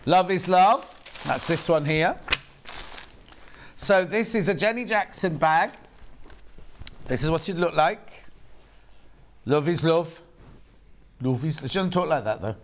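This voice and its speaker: A man's voice: fairly high pitch, animated, unhurried, long pauses. A man with a British accent presenting on a live shopping channel, chatty and rambling with self-mocking asides, in a TV studio.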